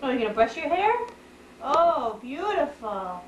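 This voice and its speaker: A woman's voice: sits high, very animated, a little slow, reverberant, lo-fi sound, slight background noise. A mother filming her toddler at home on a camcorder, coaxing her with playful, sing-song prompts she repeats. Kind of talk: home video chat with a toddler. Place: family home, indoors. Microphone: camcorder microphone.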